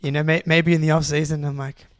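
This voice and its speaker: A young Australian man, co-host of a podcast, telling a long story in an excitable, rambling way with lots of restarts. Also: fairly high pitch, fast talker, clean tone, dry recording. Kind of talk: casual storytelling.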